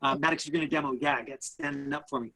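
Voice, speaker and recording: A man coaching actors in a live online acting class over a video call. He talks in a halting way, full of fillers and restarts. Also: mid-range voice, fairly even intonation, sharp tone, rough recording.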